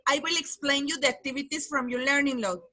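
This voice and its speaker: Bright-voiced teacher. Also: female voice, high voice, steady tone. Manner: patient, explains slowly, repeats key words. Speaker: English teacher. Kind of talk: online class lesson.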